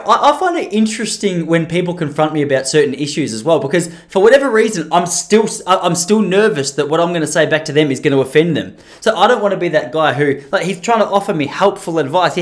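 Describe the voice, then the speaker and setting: A man's voice: fairly high pitch, animated, fast. A man hosting his own podcast, rambling and self-deprecating in casual chat. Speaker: podcast host.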